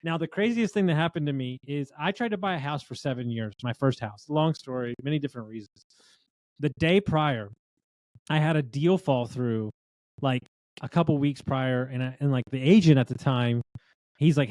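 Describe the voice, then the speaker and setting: A man telling lively restaurant stories in a casual chat, acting out what other people said. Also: mid-range voice, a little fast, no echo. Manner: animated storyteller, acts out quotes of others.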